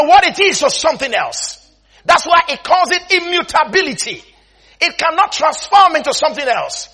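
A man preaching a sermon in an animated way, often laughing and breaking into shouts. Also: very high-pitched.

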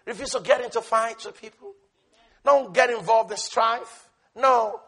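Male preacher, very high and bright, passionate and repetitive, from shouts to hushes. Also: a little slow. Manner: repetitive, emphatic. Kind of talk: sermon.

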